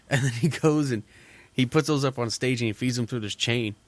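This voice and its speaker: A man's voice: mid-range voice, moderate pace, no room sound. A man co-hosting a podcast, telling rambling stories in casual chat and acting out what people said. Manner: rambling storytelling, swears a lot, acts out quotes. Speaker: podcast co-host.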